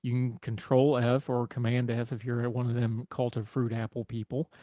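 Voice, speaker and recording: A man's voice: medium pitch, little pitch movement, normal speed, mellow, no echo. A man hosting a political talk radio show, folksy and conversational with wry asides. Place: radio studio.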